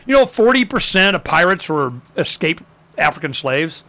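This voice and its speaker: A bright, slightly high man tells history in a lively, chatty way. He acts out quotes with gusto and fills his talk with casual asides. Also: moderate pace. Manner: animated storyteller, acts out quotes, many fillers.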